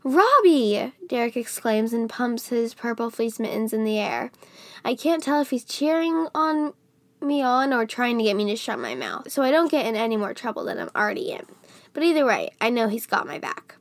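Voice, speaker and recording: Creaky-voiced woman reading a novel aloud. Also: big pitch swings, moderate pace, dry recording. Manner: reads expressively, louder and higher on lines of dialogue. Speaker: book reviewer reading an excerpt.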